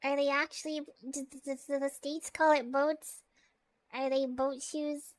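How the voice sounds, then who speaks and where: A Canadian woman with a Canadian accent, chatting to her viewers in a playful, rambling way. Her voice sits high and she takes her time. The sound is dry and close. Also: level tone, measured pace, no echo. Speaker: live streamer. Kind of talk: casual live-stream chat.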